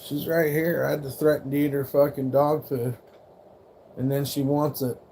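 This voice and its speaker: A man's voice: on the high side, flat delivery, moderate pace, creaky, warm tone, slight background noise. A man casually chatting on his live stream at home, swearing freely and teasing his dog about its food. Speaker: livestream host.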